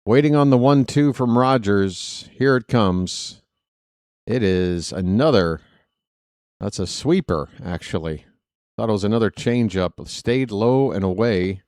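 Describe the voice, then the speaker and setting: A man calling live baseball play-by-play for fans, excitable and jokey, talking straight to his listeners. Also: fairly low pitch, measured pace, no room sound, clean studio sound. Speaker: fan play-by-play commentator.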